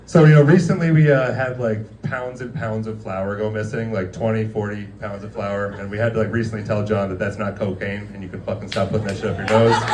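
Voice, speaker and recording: A man's voice: on the low side, moderate pace, echoey room. A man doing a rambling, crude stand-up roast of his former coworkers in a restaurant, laughing at his own jokes. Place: restaurant dining room.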